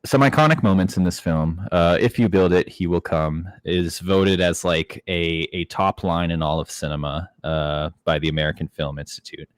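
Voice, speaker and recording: Young male podcast co-host, very low voice, casual and chatty, dry booth sound. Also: moderate pace, few pauses, dry recording. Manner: relaxed, chatty, frequent ums. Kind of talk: casual chat.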